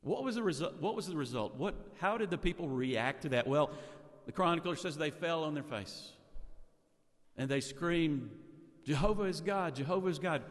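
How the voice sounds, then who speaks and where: A man's voice: fairly high pitch, expressive, normal speed. Man preaching in a reverberant hall. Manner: storytelling, rhetorical questions, repeats words. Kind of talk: sermon.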